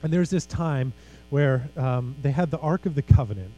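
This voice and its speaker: A man's voice: mid-range voice, animated, moderate pace, warm tone, highs cut off. A man preaching a sermon as pastor, earnest and emphatic, with casual conversational asides.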